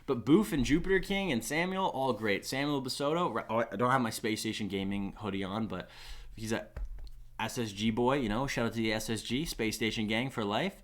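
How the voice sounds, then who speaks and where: A man giving live esports commentary on a stream, excitable and rambling, often restarting his sentences. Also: mid-range voice, brisk. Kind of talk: live esports commentary with chat shout-outs.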